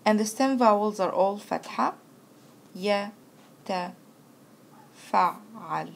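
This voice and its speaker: A woman teaching an Arabic grammar lesson, patiently explaining verb patterns step by step and reciting conjugations slowly. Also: medium pitch, creaky, slight background noise. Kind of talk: recorded language lesson.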